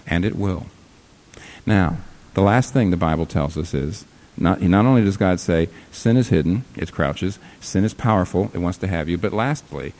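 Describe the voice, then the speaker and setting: A low-voiced man preaching a sermon in a church. He talks emphatically, climbing to loud, high peaks and then dropping to quiet, low lines. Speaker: pastor.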